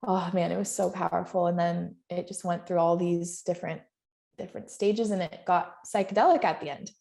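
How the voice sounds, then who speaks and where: Woman, podcast guest, candid storytelling, emotional, laughs often, gravelly fry. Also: lowish voice, fairly even intonation, fairly quick, mellow.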